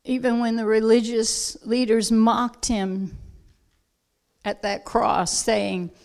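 Woman preaching real slow, emphatic, drops to soft little asides. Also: a little high, little pitch movement. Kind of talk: sermon.

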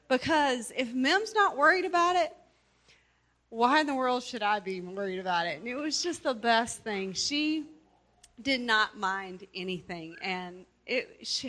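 A woman's voice: a little high, bright, forceful tone. A woman giving a heartfelt memorial tribute, stretching words for emphasis as she recalls a friend. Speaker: community member giving a tribute.

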